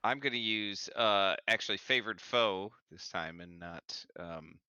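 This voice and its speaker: A man playing a tabletop game, talking hesitantly with many pauses and ums. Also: lowish voice, pushed and bright, clean tone, no room sound, highs cut off. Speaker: player. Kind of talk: casual tabletop game play.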